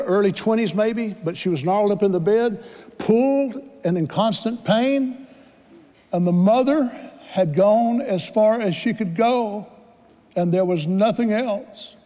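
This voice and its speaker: A man's voice: high voice, mellow, long reverb tail. A man preaching a sermon, telling a story dramatically and acting out the voices in it. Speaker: pastor. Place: church sanctuary.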